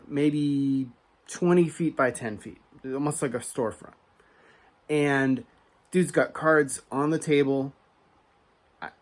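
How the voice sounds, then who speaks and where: Animated man ranting a story. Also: a little high. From United States. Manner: animated, grows heated and emphatic; conversational, frequent asides and restarts. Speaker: card collecting channel host. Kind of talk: storytelling rant.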